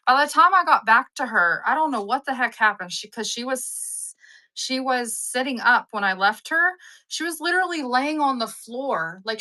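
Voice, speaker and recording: A woman, hosting a live stream and chatting with viewers, rambling through stories and acting out the people in them. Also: a little high. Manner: rambling, animated storyteller who acts out the people in her stories. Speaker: live-sale stream host. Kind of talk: casual chat with live viewers.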